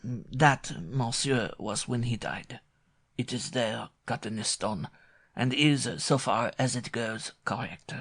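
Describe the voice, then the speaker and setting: A man voicing a wary, superstitious middle-aged countryman who speaks gravely and haltingly. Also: mid-range voice, a bit bright.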